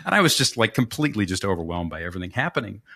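Racing along in a lowish voice with vocal fry, this man co-hosts a podcast and spins a story casually. He animatedly mimics the voices of people he quotes and adds jokey asides.

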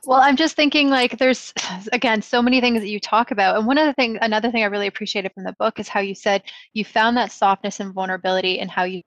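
A woman's voice: medium pitch, fast talker, hardly any pauses, fairly bright tone, dry recording, lo-fi sound. A woman co-host with a thoughtful, careful way of phrasing her questions. Her voice is close and dry, with no room sound. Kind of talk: conversational interview.

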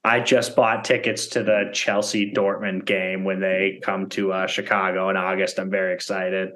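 Jokey guy with a bright, sharp voice just chatting. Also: sits low, little pitch movement, normal speed. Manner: jokey, drifts into silly voices and song. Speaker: podcast co-host. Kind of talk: casual chat.

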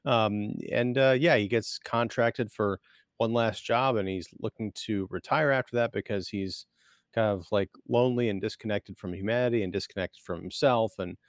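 A man's voice: lowish voice, normal speed, no room sound, studio quality. Rambling male podcast co-host. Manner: rambling plot recap with many fillers. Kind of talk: casual movie-podcast chat.

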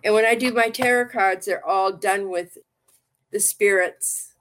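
Woman livestream host and tarot reader, mid-pitched, chatty and rambling, affectionate, casual. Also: measured pace, a bit bright. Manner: chatty, rambling and affectionate, often repeating words.

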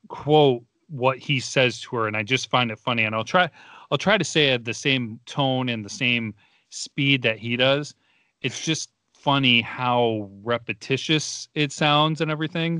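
A man's voice: medium pitch, sharp tone, smooth, dry recording, clean studio sound. A young man co-hosting a podcast, chatting casually and laughing often as he retells movie scenes. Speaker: podcast co-host. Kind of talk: casual movie review chat.

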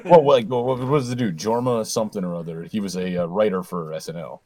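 Lower-voiced man bantering quickly. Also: dark tone. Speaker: podcast co-host. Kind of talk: casual game review chat.

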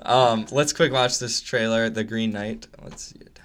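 A man's voice: on the low side, fairly even intonation, measured pace, heavy background noise. A man co-hosting a podcast, chatting casually about movies and shows, laughing often and trailing off. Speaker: podcast co-host. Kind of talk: casual chat.

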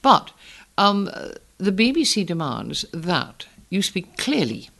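An older woman from the Northeast of England talks with a Northern educated English accent. Her voice carries a gravelly texture. She is articulate and emphatic, measuring each point as an interview guest. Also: on the low side, very animated, takes it slowly, fairly bright tone. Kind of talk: reflective interview talk.

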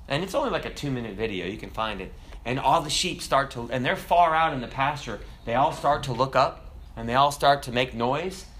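A man with a medium-pitched voice preaches a sermon, telling stories in a conversational, animated way and often turning aside to address his listeners.

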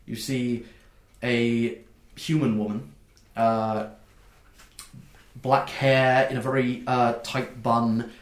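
Brief: unhurried man running a tabletop game, echoey room. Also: medium pitch, level tone. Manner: halting, many fillers, descriptive. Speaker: game master.

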